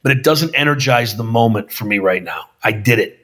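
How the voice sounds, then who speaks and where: A film director talking casually as a podcast guest, swearing freely and acting out other people's lines with emphasis. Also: male voice, on the low side, expressive, a little fast, a bit bright. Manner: profane, emphatic storyteller acting out quotes. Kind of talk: casual conversation.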